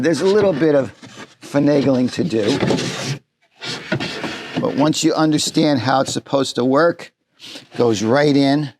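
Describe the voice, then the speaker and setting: A man's voice: mid-range voice, gravelly, background noise. A man giving a plainspoken, folksy walkthrough of a van build, demonstrating parts as he talks. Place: inside a van.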